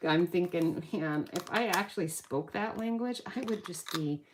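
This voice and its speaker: Speaking at a moderate pace in a voice on the low side, this woman hosts a casual card-making tutorial. She thinks aloud while crafting at her table, corrects herself and laughs at her own mistakes. The background noise is loud.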